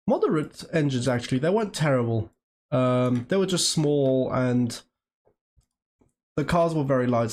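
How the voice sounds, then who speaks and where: A man's voice: medium pitch, a little mellow. A man from Great Britain and Germany chatting casually on a live stream, rambling while he works and answering viewers' questions.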